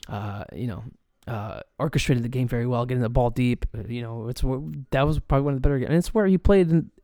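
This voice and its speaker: Fast-talking and mid-range in pitch, this man hosts a casual soccer chat by himself, ranting as a fan with constant swearing. Fillers and restarts pile up, and the recording is dry with clean studio sound.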